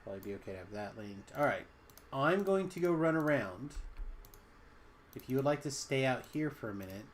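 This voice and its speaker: Brief: male gamer-streamer, animated, rambling banter, keyboard clicks faintly behind. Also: medium pitch, fairly quick, slight background noise. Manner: rambling, self-deprecating. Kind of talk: casual gameplay chat.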